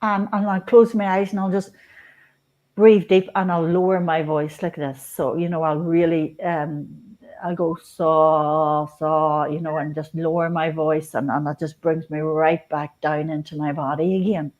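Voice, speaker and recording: A woman speaking as a spiritual guest in a radio interview, unhurried and reflective, with frequent restarts and fillers. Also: low voice, fairly even intonation, darkish tone.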